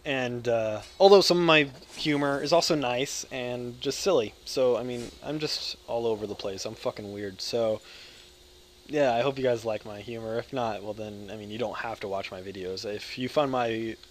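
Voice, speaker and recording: Rambling gamer guy from the States, mid pitch, crude jokes, shouts then mutters, faint hiss behind. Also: normal speed. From United States. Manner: loud, jokey, crude, swings between yelling and mumbling. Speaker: gaming video creator. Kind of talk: rambling live gameplay commentary.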